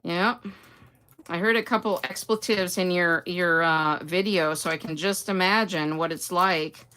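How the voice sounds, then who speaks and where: A woman's voice: fairly low pitch, moderate pace, bright, forceful tone, clear, resonant tone. An older woman hosting a casual live stream, chatting away, greeting viewers by name and answering their comments. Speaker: host.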